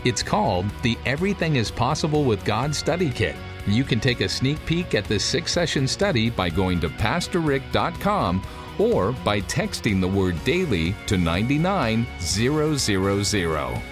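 A male announcer reads a scripted ministry broadcast intro in a smooth promotional style. His pitch is mid-range but very lively, rising and falling. Guitar music plays clearly behind him. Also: moderate pace. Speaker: radio program announcer.

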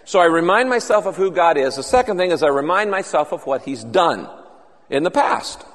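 A man with a high voice preaches a sermon in an earnest, conversational way. His voice carries a long reverb from a large church auditorium. He moves easily between teaching and quoting prayers aloud. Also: expressive, fairly quick, a bit bright. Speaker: pastor.

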